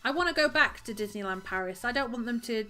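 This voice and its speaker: A woman's voice: a little high, lively intonation, fast talker, pushed and bright, faint music behind. A woman live-streaming as she crochets at home, chatting casually and giggling, and counting her stitches aloud.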